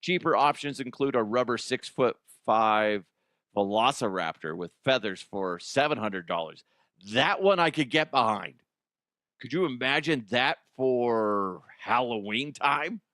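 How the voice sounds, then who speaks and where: A male podcast host riffing through comedic news with a loose, self-mocking manner and the odd swear. His pitch swings a lot as he jokes. The sound is close and dry, with no room around it. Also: lively intonation, measured pace, sharp tone, dry recording.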